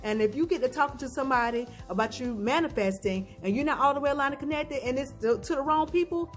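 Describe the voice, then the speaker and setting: A woman coaches her listeners in an emphatic, preachy way and keeps asking questions that she then answers herself. Her voice sits fairly high, and soft music plays underneath. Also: fast. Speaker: vlogger giving advice. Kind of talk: motivational talk to camera.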